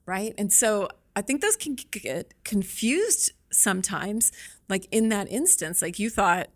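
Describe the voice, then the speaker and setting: A woman's voice: medium pitch, animated, moderate pace. A woman talking as a podcast guest, upbeat and reflective. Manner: upbeat, reflective, laughs easily. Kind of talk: casual interview chat.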